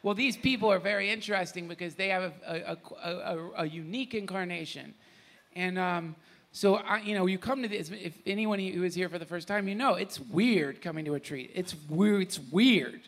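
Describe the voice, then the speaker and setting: Bright-voiced man telling a story. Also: high voice, brisk, vocal fry. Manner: animated, laughing, voice breaking with emotion. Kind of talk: emotional storytelling conversation. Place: retreat gathering with an audience.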